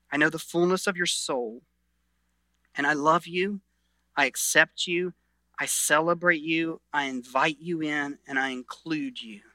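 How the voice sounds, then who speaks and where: A middle-aged pastor delivering a sermon with a bright, forceful voice. He swings from loud, emphatic lines to hushed, intense ones and often restarts his phrases. The recording is dry and close, with no room sound. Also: a little high, no echo. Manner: earnest, shifts between loud emphasis and quiet intensity, frequent restarts.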